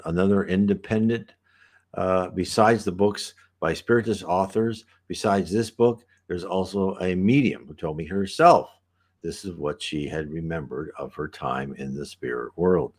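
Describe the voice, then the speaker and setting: A man's voice: low voice, a little mellow, breathy edge. A man giving rambling, casual commentary on a book he is reading, with many restarts and fillers. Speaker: reader and commentator.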